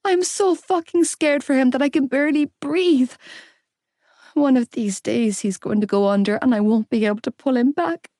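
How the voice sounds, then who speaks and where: Lady doing a crying young woman in an audiobook, high, pleading, dry close sound. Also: moderate pace, mellow, no room sound. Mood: anguished. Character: heartbroken young woman, fierce and loyal.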